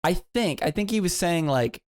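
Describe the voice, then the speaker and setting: A man co-hosting a podcast, telling a long story in a rambling, animated way and jumping into high voices when quoting people. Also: moderate pace, clean tone, no echo, clean studio sound. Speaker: podcast co-host. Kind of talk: casual storytelling.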